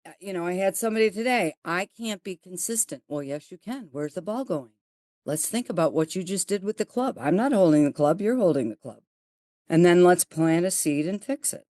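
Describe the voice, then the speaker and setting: This middle-aged golf teacher from Buffalo, New York, speaks with a Buffalo accent in a storytelling interview, bluntly and animatedly acting out both sides of each conversation. Her voice is on the low side and brisk, recorded at studio quality with no room sound.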